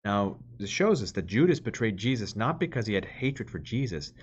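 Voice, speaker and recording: A priest with a low-pitched male voice reads Bible passages and stops to explain them in plain, everyday words. The recording sounds a little dull and lo-fi. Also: sing-song, normal speed, husky. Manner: reads scripture aloud, then explains it plainly with fillers. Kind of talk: Bible reading with commentary.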